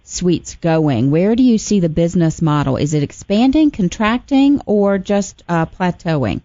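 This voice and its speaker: A woman's voice: lowish voice, animated, measured pace, dark tone, dry recording. A woman hosting a radio show, asking guests questions with enthusiasm. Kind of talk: interview hosting. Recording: dry muffled radio recording.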